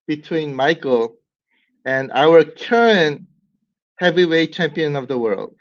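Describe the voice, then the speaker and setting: A man's voice: a little high, lively intonation, takes it slowly, highs cut off. Man hosting a casual livestream. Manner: rambling, laughs often, hype announcer bursts. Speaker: livestream host.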